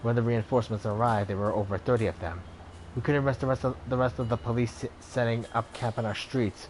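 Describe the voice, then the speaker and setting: A man voicing a stern male community spokesman who speaks in a measured, grave way. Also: medium pitch, steady tone, a little mellow, a little hiss or hum, close to an everyday voice.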